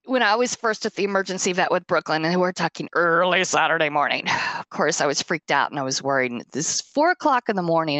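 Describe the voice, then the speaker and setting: A woman podcast host tells a personal story with emotion and animation, laughing often. Her voice is low-pitched, and there is no echo.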